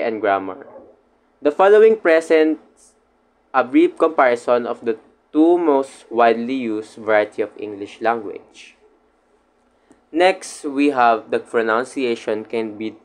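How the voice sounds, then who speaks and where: Guy presenting a class report, halting read with restarts, first language filipino, mid-pitched voice. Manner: reads haltingly with slips and restarts. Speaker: student presenter.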